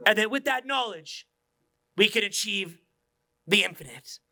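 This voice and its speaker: High-pitched guy with a gravelly edge, very bright, loud and swearing at a seminar. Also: unhurried. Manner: energetic, profane, joking. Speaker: seminar speaker. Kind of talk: live seminar talk. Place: seminar room without speakers. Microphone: unamplified room talk.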